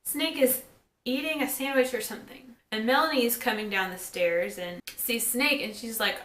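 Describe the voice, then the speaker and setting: A woman giving a casual recap of a TV episode, chatting and quoting characters in quick asides. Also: on the high side, a bit bright, a little hiss or hum. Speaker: TV episode reviewer. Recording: echoey room.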